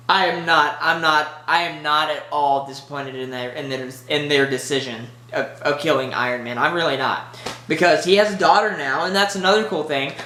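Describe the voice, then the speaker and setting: A movie reviewer giving a casual spoiler review, rambling and excitable with lots of filler words. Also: mid-range voice, moderate pace, echoey room, a little hiss or hum.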